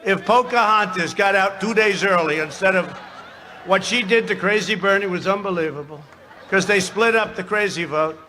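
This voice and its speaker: At an outdoor campaign rally, a man with a high voice speaks at a moderate pace from a podium microphone, boastful and mocking with rambling tangents. Crowd noise and loud cheering surround him.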